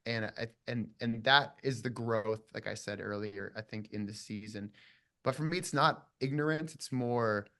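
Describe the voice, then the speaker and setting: A man's voice: lowish voice, moderate pace, bright, forceful tone. Reflective, rambling man in an interview. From southern Minnesota. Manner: reflective, rambling, full of restarts and fillers. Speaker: actor guest. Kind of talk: casual interview chat.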